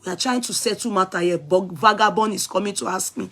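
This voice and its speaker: A Nigerian woman vlogger giving animated, scolding commentary, repeating her points and calling out viewers. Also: medium pitch, fast. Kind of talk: casual commentary.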